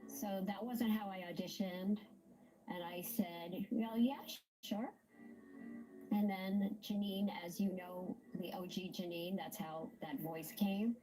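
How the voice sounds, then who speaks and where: Woman, voice actress, casual interview, slow pace, mellow tone. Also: on the low side, fairly even intonation, faint music behind, poor audio.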